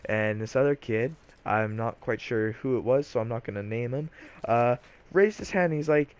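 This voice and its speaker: A man's voice: mid-range voice, moderate pace. A teenage boy casually telling a storytime vlog in a loose, chatty way full of fillers. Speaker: vlogger, storyteller.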